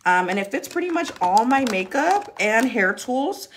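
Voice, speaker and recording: A woman makeup influencer chatting casually through a live product demo, bubbly, laughing often, swearing playfully and filling pauses with "um". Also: on the high side, very animated, a little hiss or hum.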